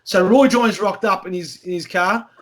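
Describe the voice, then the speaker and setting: A man hosting a podcast, telling anecdotes in an animated, profane way and chatting casually with his guests. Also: sits high, normal speed. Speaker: podcast host. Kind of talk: casual chat, storytelling.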